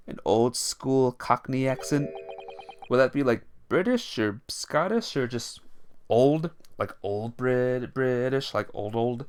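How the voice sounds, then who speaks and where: A laid-back man tossing out casual asides while playing through a game. His voice drops lower and softer than when he reads the characters, but still wanders around in pitch. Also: lively intonation, slow pace, soft background music. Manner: laid-back, slangy asides, soft laughing. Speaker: let's play host. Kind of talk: casual gameplay commentary.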